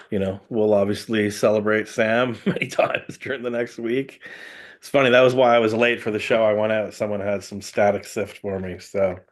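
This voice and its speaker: A middle-aged man, a guest in casual chat, rambling fondly through memories and chuckling often. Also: on the low side.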